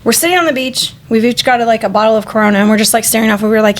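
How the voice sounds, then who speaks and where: A woman in her forties co-hosting a podcast, telling a story in a casual, animated and profane way. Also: a little high, fast. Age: 40s. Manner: animated, profane, acts out quoted voices. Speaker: podcast co-host.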